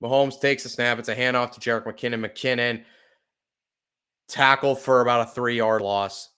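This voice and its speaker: A man giving live fan play-by-play commentary as a podcast host, swearing and apologizing between excited play calls. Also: medium pitch, moderate pace, smooth. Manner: swearing, apologetic and upset, bursts of excitement on plays.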